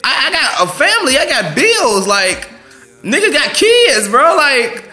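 Casting: high, bright-voiced young male vlogger, blunt and slangy, faint music underneath. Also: unhurried. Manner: blunt, slangy, profane, animated. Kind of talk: casual advice rant.

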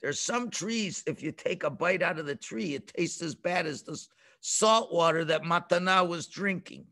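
A man teaching a children's religious class over a video call, telling the story in an animated way and acting out the voices. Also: fairly high pitch, normal speed, gravelly.

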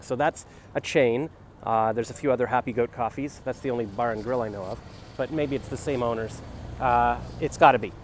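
Filmed outdoors on a handheld phone, a young male comedian free-associates and muses aloud while walking a city street for his comic vlog. He speaks in a mid-range voice, and there is a little hiss or hum.

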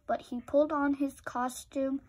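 A woman reading a children's picture book aloud with slow, expressive storytelling. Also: high voice, poor audio.

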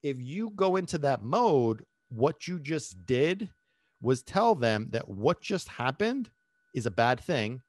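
Man, dog trainer, podcast monologue, animated, lively pitch, dry close sound. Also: slow, dry recording. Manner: animated, acts out voices, asks listeners questions.

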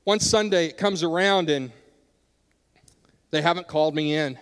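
A middle-aged man preaching a sermon in a church, earnest, turning softer and quieter during personal stories. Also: fairly high pitch, fairly even intonation, a little fast, pauses often, clean tone. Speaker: pastor. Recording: long hall reverb.

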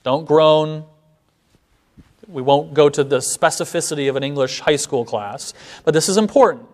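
A man's voice: a little high, a little mellow. A man lecturing a seminary class. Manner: explains step by step, slows to recite verses.

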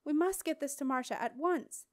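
A woman's voice: high voice, animated, fast, clear, resonant tone, no echo, clean studio sound. A woman reading the part of an earnest, eager young man.

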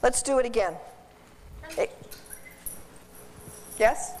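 High-pitched woman teaching dog training to a class, joky and lively, sounds far off in a big echoey hall. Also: slow, slight background noise. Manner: animated, jokey, asks the class questions. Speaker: dog behavior instructor. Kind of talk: live teaching demonstration. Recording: roomy hall from a distance.

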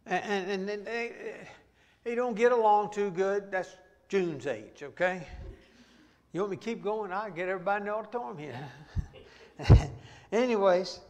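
Middle-aged pastor, folksy storyteller, high-pitched, long hall reverb. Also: male voice, normal speed. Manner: folksy storytelling with sudden shouts. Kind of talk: Bible study sermon. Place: church auditorium.

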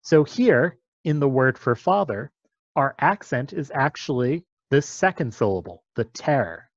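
A man's voice: medium pitch, expressive, measured pace, no room sound, muffled recording. A man explaining a topic step by step in a patient, methodical lecture.

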